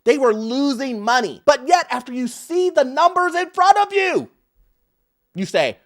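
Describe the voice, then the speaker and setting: A man's voice: extremely high pitch, sing-song, a little slow, fairly bright tone. A man hosting a commentary video, emphatic and mocking, acting out quotes as he reacts to clips. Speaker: host.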